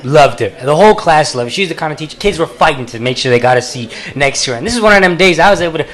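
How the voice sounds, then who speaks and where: A man with a fairly high voice tells a comic story from a small cafe stage. He talks loosely and chattily into a handheld mic, chuckling as he goes. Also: expressive, very fast, fairly bright tone. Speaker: comedian. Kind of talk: live stand-up storytelling.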